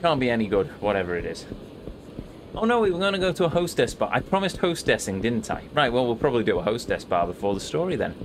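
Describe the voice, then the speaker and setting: A man's voice: medium pitch, big pitch swings, quick pace, background noise. A man giving let's play commentary as a gaming host, with dry self-mocking asides. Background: game music.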